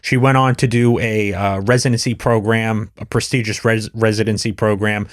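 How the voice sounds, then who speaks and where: A man's voice: on the low side, flat delivery, moderate pace, no echo, studio quality. A man hosting a podcast, chatting casually and explaining at length with many restarts and fillers. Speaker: podcast host. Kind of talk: casual conversation.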